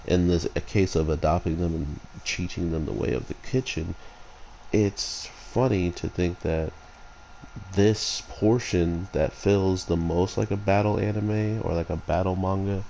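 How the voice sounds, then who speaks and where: Deep, mellow-voiced man with a gravelly edge, casual rambling reviewer. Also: steady tone, a little slow, a little hiss or hum, rough recording. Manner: rambling, digressive. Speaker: anime reviewer.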